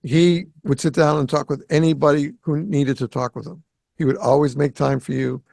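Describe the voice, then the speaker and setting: A man who grew up around Boston hosts a conversation, telling his story with a gravelly, slightly raised voice. He slips into the voices of the people he quotes. The sound is close and dry, with no room echo. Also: on the high side, moderate pace. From Greater Boston. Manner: animated storyteller who acts out quoted dialogue. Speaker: podcast host. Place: home in South Florida.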